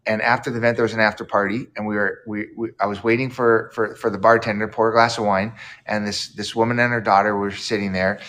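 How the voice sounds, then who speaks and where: A man's voice: fairly low pitch, little pitch movement, quick pace, a bit bright. A man who is an author guest in an interview, reflective and storytelling, acting out quoted lines. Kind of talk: casual interview chat.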